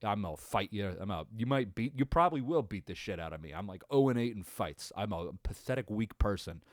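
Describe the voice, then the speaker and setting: A man's voice: on the low side, lively intonation, quick pace, dry recording, clean studio sound. A man hosting a podcast, reacting to a game in a casual, profane, rambling rant full of exasperation. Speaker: podcast host.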